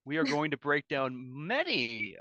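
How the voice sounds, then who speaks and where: A man's voice: on the high side, huge pitch swings, moderate pace, bright, forceful tone, lo-fi sound. A man from Canada, co-hosting a live hockey watch-along podcast, chatting casually and joking around. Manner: jokey, rambling, laughs at own bits. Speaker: podcast co-host. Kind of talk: casual live-stream chat.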